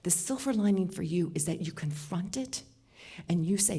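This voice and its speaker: A woman telling a personal story live to an audience, animated, moving between hushed asides and loud outbursts. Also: fairly low pitch, moderate pace, husky. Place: stage before an audience.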